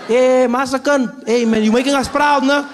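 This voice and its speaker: Man putting on a loud, overfriendly buddy voice. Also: very high-pitched, steady tone, normal speed, a faint crowd, pitched above the performer's own voice. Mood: pleading. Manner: loud, coaxing, chummy. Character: pushy, overfriendly hometown male fan.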